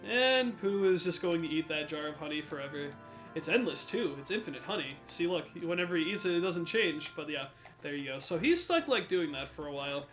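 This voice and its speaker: A man's voice: on the high side, expressive, moderate pace, a bit bright, soft background music. Sarcastic young man commenting on gameplay. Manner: sarcastic and joking. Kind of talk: let's play commentary.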